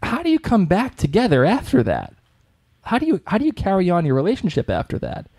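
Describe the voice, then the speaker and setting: A man's voice: sits high, huge pitch swings, brisk, a little mellow. A young man with a Boston accent co-hosting a podcast, talking in a chatty, rambling way with many restarts. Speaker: podcast co-host. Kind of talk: casual chat.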